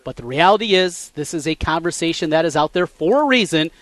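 A man co-hosting a sports radio show, laying out background facts in a measured way and getting lively when he jokes. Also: a little high, no room sound. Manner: measured, recalls facts in detail, gets animated when joking. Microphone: studio mic.

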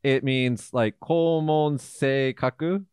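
Animated chatty man, dry mic. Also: medium pitch, slow, clear, resonant tone, no room sound. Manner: animated storytelling with quoted voices. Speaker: podcast co-host, English teacher. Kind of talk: casual chat explaining slang.

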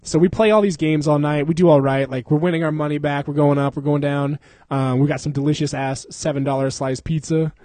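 A man's voice: fairly high pitch, fairly even intonation, brisk, hardly any pauses, warm tone, dry recording. A man casually telling a story as podcast host, swearing freely, laughing often and acting out the people in it.

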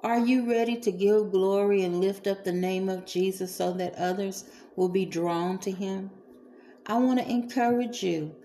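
Woman, sermon, slow and earnest, mellow voice, faint background noise. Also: medium pitch, fairly even intonation. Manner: slow, earnest, with soft pauses and fillers. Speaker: preacher.

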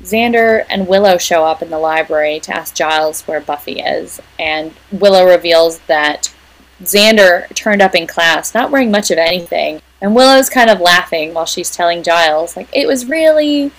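A woman's voice: fairly low pitch, normal speed, rough recording. A woman co-hosting a podcast, casually recapping the plot of an episode scene by scene. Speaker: podcast co-host. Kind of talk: casual chat.

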